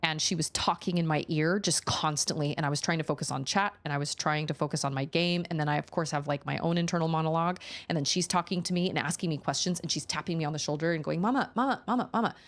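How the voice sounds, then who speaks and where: Woman in her thirties, lower voice, chatty storyteller streaming from home. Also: quick pace, hardly any pauses. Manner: chatty, animated storytelling with many fillers. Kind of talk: casual chat.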